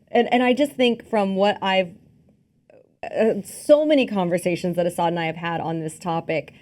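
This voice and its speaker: A woman's voice: medium pitch, moderate pace, a little mellow. A woman co-hosting a film podcast in casual chat, telling stories animatedly with acted-out quotes and lots of fillers. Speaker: podcast co-host. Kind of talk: casual chat about films. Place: studio filmed with two cameras.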